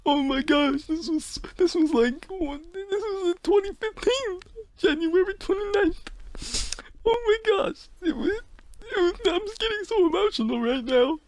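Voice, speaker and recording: A teenage man putting on a shrill, mock-crying voice as an overdramatic young YouTuber. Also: sing-song, a little slow, exaggerated voice. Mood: mock-weeping.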